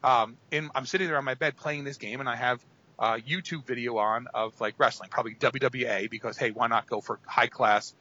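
Bright-voiced man rambling on a podcast. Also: mid-range voice, fairly even intonation, a little fast, slight background noise. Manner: rambling, filler-heavy storytelling. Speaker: podcast co-host. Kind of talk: casual chat. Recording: dull lo-fi audio.

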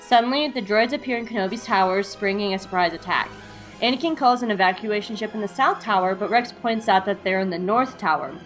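With a fairly bright, mid-range voice, a woman co-hosts a fan podcast, chatting a little quickly and laughing easily. She reads an episode recap aloud over faint background music.

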